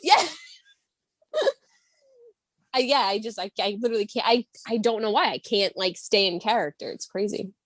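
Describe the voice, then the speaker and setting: A woman's voice: medium pitch, normal speed, long pauses, fairly bright tone, dry recording. A pregnant woman, a podcast guest, chatting casually with lots of giggles and "like"s. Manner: giggly, says "like" a lot. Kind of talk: casual chat.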